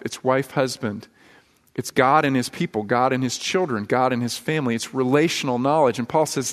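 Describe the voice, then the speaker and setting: A man preaching a sermon as pastor, earnest and conversational, telling stories to his congregation. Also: mid-range voice. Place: church sanctuary. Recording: long hall reverb in a church.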